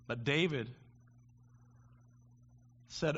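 A man preaching a sermon, with halting restarts, building to impassioned preaching. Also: mid-range voice, very animated, slightly rough, dull audio. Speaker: pastor.

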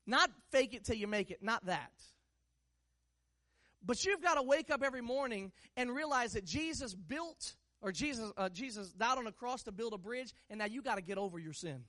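A pastor preaching a sermon, moving from hushed asides to loud, drawn-out declarations and teasing the congregation with rhetorical questions. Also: medium pitch, lively intonation. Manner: stretches key words slowly for emphasis.

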